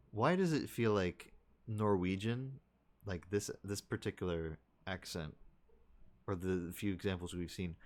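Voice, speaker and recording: A man streamer chatting casually with his viewers, thinking aloud in rambling, restarting sentences. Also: lowish voice.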